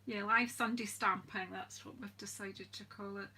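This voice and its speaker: Bright-voiced chatty Scottish woman. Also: medium pitch, fairly even intonation, normal speed, breathy edge. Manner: chatty and homely, greets viewers by name, laughs often. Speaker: craft demonstrator, channel host. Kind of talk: live-stream crafting demo, casual chat.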